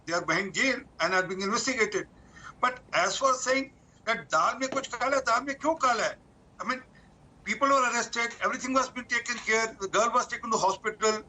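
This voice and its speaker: A man from India on a TV debate panel, firing back a forceful rebuttal. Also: very high-pitched, fairly quick, poor audio. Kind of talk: heated TV debate.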